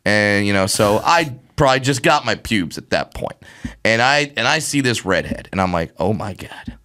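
Animated storytelling man. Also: moderate pace. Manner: animated storyteller, acts out voices with big pitch jumps. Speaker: comedian guest. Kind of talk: casual chat, storytelling.

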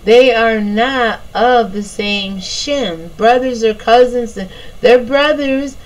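A woman's voice: fairly high pitch, takes it slowly, low-quality recording. A woman giving a casual Bible teaching, reading scripture aloud and explaining it, drawing out long lists of names.

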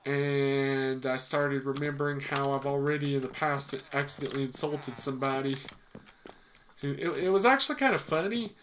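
A man talks through a video game in an unhurried, rambling way, full of fillers and asides. His voice sits in a middle pitch. Hiss and keyboard typing run under him. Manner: rambling, thinking aloud with many fillers. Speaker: gaming YouTuber. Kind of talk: casual gameplay commentary. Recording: noisy mic with keyboard clicks.

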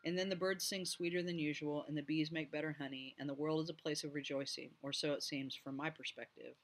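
A man reading a novel aloud at home, lively and doing each character's voice. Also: on the high side, fairly quick. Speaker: audiobook reader.

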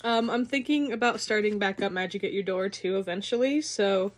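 A woman vlogger chatting casually through an unboxing, gushing and excitable, with some casual swearing. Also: medium pitch, brisk.

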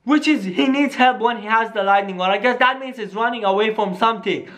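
A vlogger in a staged scary phone-call skit, excitable and talking straight to viewers, dropping into hushed tones at times. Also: mid-range voice, brisk. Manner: excitable, keeps saying "guys", drops to hushed tones.

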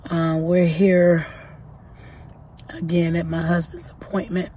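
Low-voiced woman vlogging, hoarse with a cold. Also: little pitch movement, slow pace, dark tone, slight background noise. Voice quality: weak, partly whispering voice. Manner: chatty, thankful, self-correcting. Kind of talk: casual vlog talk. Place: parked car.

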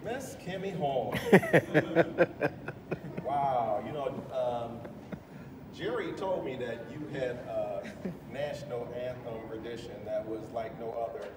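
A man in his fifties giving an emotional retirement speech, warmly thanking friends and colleagues and laughing often. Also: medium pitch, slow, pauses often. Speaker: retiring chief master sergeant giving his farewell speech. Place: large ceremony hall on a military base. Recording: echoey hall from far off, with crowd and noise. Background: audience murmuring and laughing.

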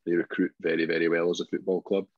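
A man's voice: low-pitched, little pitch movement, fast talker, no echo. A Scottish man co-hosting a football podcast in casual chat, thoughtful and hedging, often restarting his phrases. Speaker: podcast co-host. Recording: dull lo-fi podcast audio.

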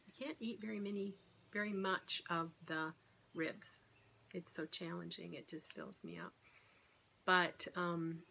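A woman's voice: on the low side, gravelly, bright, forceful tone, slight background noise. A middle-aged woman talking candidly and rambling in a casual vlog about her weight-loss surgery. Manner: rambling, candid, self-deprecating.

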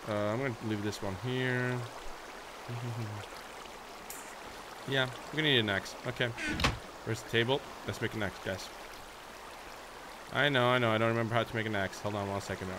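A man's voice: on the low side, background noise. A young man narrating a Minecraft let's play, chatting playfully to his viewers and often breaking into squeals and baby talk. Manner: bursts into shrieks and baby talk at his horse. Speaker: gaming YouTuber.

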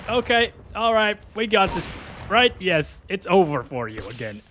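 A man giving excitable gameplay commentary, laughing and yelping as he plays. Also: high-pitched, measured pace, slight background noise. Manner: excitable, yelps and laughs at in-game moments. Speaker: gaming YouTuber. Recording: faint game gunfire behind. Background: game gunfire and explosions.

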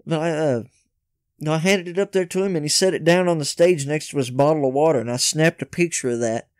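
A man's voice: fairly high pitch, quick pace, no room sound, clean studio sound. A man guest on a podcast, telling stories in a laid-back, hesitant way with many uhs. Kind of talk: casual storytelling.

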